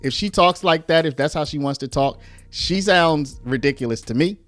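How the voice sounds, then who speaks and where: A man's voice: a little high, moderate pace, fairly bright tone, dry recording, faint music behind. A man giving argumentative commentary on played clips, explaining step by step with rhetorical asides.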